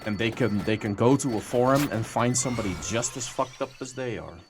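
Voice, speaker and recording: A man's voice: mid-range voice, fairly quick, background noise. A young man streaming live, chatting to his viewers and taunting a troll with profane mockery.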